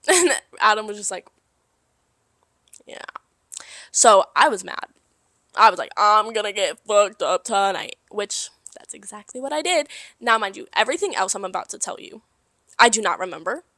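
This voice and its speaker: A young woman co-hosting a casual podcast, telling a story in an animated way with lots of swearing and laughter. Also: medium pitch, normal speed, long pauses, no room sound. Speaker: podcast co-host. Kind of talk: casual chat.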